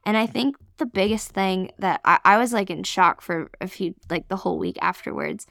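Podcast guest: a woman from Canada, earnest and excited, with a creaky voice. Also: mid-range voice, moderate pace, dry recording, studio quality. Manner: earnest, excited storytelling with many fillers. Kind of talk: emotional personal testimony.

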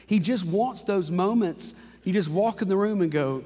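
Male pastor, 30s, slightly high voice, conversational and emotional sermon delivery, live church hall reverb. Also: normal speed, few pauses, warm tone. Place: church auditorium.

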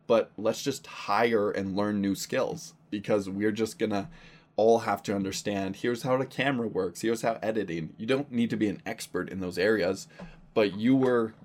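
A man, a pastor, talking earnestly and casually in an interview. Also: fairly low pitch. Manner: earnest, conversational, thinks aloud.

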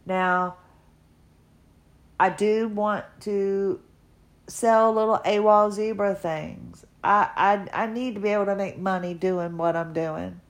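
Slow-talking earnest woman, emotional podcaster. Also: medium pitch, fairly even intonation. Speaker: podcaster sharing her health journey. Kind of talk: casual personal monologue.

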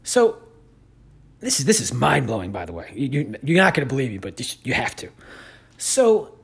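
A man hosting a podcast, telling stories in a sarcastic, animated rant. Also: medium pitch, moderate pace, creaky, husky. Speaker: podcast host. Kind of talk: casual ranting commentary.

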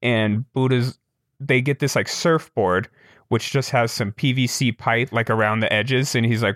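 A young man telling a story in casual chat, animated and laughing, lifting his voice to quote people. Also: mid-range voice, a little slow, dry recording, studio quality. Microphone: remote call with broken camera.

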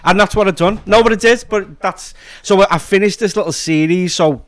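A man's voice: sits high, normal speed, no echo, studio quality. A man, a guest on a podcast, telling stories in a loose, sweary way. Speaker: comedy character creator, guest. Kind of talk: casual podcast chat.

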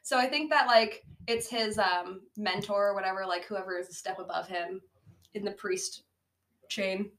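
A woman co-hosting a casual podcast, retelling a bad movie with frequent laughter and animated acted-out quotes. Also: moderate pace. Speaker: podcast co-host. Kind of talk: casual movie-roast chat. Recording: low-quality amateur audio.

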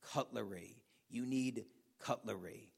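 A man's voice: medium pitch, slow, vocal fry, slightly rough, pitched below the performer's own voice, exaggerated voice. A man putting on the voice of a mocking English woman in a pub, in a haughty, teasing tone. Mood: curt.

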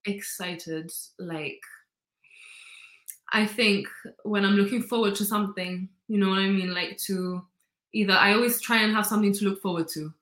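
A woman's voice: mid-range voice, steady tone, moderate pace, fairly bright tone, roomy sound. A woman, chatting as an interview guest in an upbeat, filler-heavy way. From Gibraltar. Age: 20s. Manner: chatty and upbeat, full of "like" and "you know". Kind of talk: casual interview chat.

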